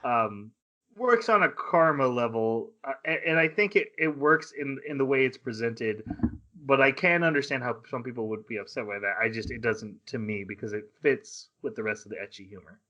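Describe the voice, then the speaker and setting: A man co-hosting a casual anime podcast, retelling scenes with quick voiced asides and laughter. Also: mid-range voice, sharp tone, dull audio. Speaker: podcast co-host.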